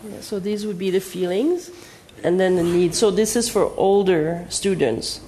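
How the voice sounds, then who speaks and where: A woman's voice: fairly low pitch, expressive, normal speed, dark tone. A woman educator giving a presentation and explaining the ideas step by step. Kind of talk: presentation talk.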